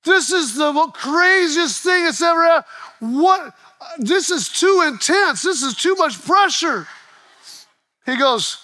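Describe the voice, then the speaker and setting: A male pastor preaching a sermon, telling stories in an animated way with quick restarts. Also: very high-pitched.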